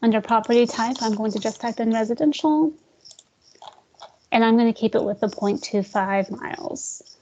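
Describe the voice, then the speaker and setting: A woman leading a screen-share software tutorial for real estate agents, talking casually, calling her listeners "guys" and joking about slow screens. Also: fairly high pitch, fairly even intonation, dull audio, slight background noise. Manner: chatty, addresses audience as guys, jokes about glitches.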